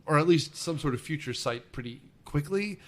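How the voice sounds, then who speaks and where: A man's voice: fairly high pitch, animated, moderate pace, a bit bright. A man hosting a casual movie podcast, retelling scenes in a jokey, rambling way. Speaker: podcast host. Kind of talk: casual film podcast chat.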